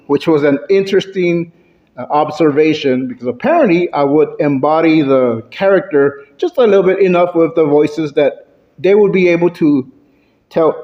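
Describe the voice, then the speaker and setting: A man delivering a prepared club speech, playing with his pitch and loudness for effect. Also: moderate pace, highs cut off. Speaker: Toastmasters club speaker. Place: club meeting room.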